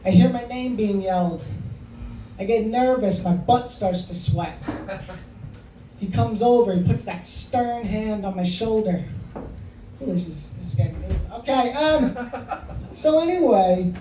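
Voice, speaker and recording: A man's voice: sits high, measured pace, long pauses, warm tone. A man doing a stand-up comedy set in a bar, rambling and self-deprecating and swearing freely. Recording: echoey room from far off, faint noise.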